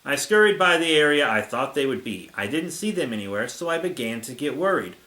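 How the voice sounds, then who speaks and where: A man's voice: mid-range voice, sing-song, brisk, bright, forceful tone, reverberant. A man reading the first-person narration of a naive young female giant moth, in a storybook manner.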